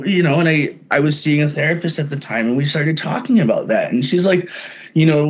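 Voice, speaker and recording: A man talking as a podcast guest, telling a personal story in a halting way that often repeats words when starting a thought. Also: on the high side, expressive. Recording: dull lo-fi sound.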